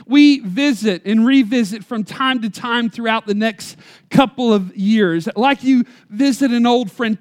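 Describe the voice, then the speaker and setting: A man, preaching a sermon in church with emphatic storytelling. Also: very high-pitched. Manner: storytelling, emphatic, varies loudness for effect. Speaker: pastor.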